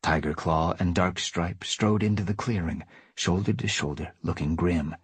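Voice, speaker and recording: A man narrating a novel in a lively storytelling manner during a live reading. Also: deep voice, moderate pace, breathy edge, dry recording. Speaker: reader.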